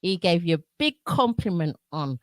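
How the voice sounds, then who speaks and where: A woman's voice: fairly low pitch, big pitch swings, moderate pace, dry recording. A woman from South London hosting a radio interview, chatty and playful, laughing often, with a South London accent. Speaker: radio show host. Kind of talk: casual interview chat.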